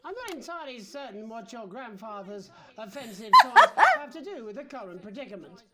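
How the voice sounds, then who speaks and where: A performer playing a formal TV interviewer who asks crisp, pointed questions. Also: mid-range voice, wildly swooping pitch, fairly quick, sharp tone, exaggerated voice. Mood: probing. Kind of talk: comedy audio drama acting.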